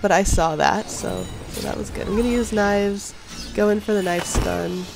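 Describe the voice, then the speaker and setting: Stuffed up from a cold, a young gamer does casual voice-over commentary on his own play, chatty, self-deprecating and quick to laugh. He speaks at normal speed in a high, steady voice with vocal fry, over a noisy background with faint music.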